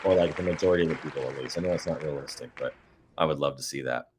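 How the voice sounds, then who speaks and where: A man's voice: very deep voice, racing, slight background noise. A man casually hosting a live-stream prize giveaway, goofy and chatty, reading out codes and talking to viewers.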